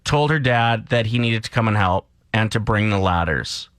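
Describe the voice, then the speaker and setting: A man's voice: on the low side, moderate pace, clean tone, no echo. A man from Canada co-hosting a morning radio show, ranting and telling stories in casual chat. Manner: animated, ranting and storytelling.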